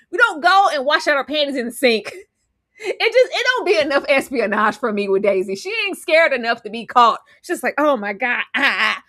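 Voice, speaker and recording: Sassy, bright-voiced woman recapping TV. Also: high-pitched, a little fast, no room sound, clean studio sound. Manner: animated, acts out characters' lines with slangy sass. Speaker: podcast co-host. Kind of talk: casual TV recap chat.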